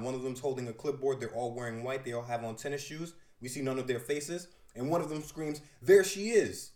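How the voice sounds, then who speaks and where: A man's voice: a little high, a little mellow. Man, comic reviewer, detailed panel narration, enthusiastic, roomy echo. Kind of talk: describing comic panels aloud.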